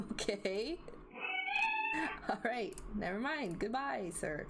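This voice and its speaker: A woman's voice: fairly high pitch, expressive, unhurried, long pauses, heavy background noise. A woman commenting as she plays a video game, chatty and thinking aloud. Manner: chatty, thinking aloud, reacting with gasps and laughs. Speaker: gameplay commentator. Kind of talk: let's play commentary. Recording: game music playing behind.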